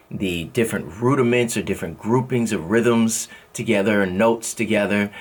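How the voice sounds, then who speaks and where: Male music teacher with a low, husky voice who explains rhythm by counting and scatting the beats. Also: fairly bright tone. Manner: explains with sung drum syllables and counted beats; thinks aloud, with restarts and self-corrections. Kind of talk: spoken music lesson.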